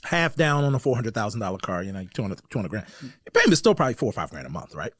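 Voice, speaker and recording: A man's voice: on the low side, breathy edge, dry recording, studio quality. A man, hosting a car podcast in casual, slangy chat and laughing often. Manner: animated, quick to laugh, slangy. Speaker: podcast host.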